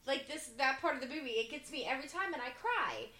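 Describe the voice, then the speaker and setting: A woman's voice: high voice, expressive, fast talker, bright, forceful tone, roomy sound. A woman in her forties chatting casually, telling stories with frequent laughter. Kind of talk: casual chat.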